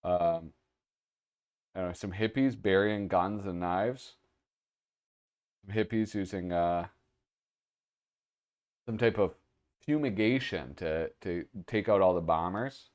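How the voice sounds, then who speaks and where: Man, host, casual commentary, sleepy, rambling, hesitant, lowish voice. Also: takes it slowly, long pauses, darkish tone. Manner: rambling, hesitant with many fillers. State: sleepy, yawning.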